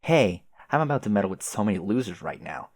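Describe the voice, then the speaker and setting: A man's voice: lowish voice, very animated, fast talker. A man voicing a haughty, sarcastic teenage girl troll who schemes and taunts. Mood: taunting. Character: snooty haughty female teen troll schemer.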